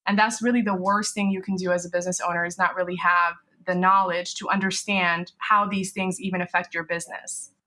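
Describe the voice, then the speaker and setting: A woman's voice: fairly low pitch, level tone, a little fast, hardly any pauses, pushed and bright. A woman business lawyer, a podcast guest, explaining legal risks in a conversational way, often adding "you know" and "right?".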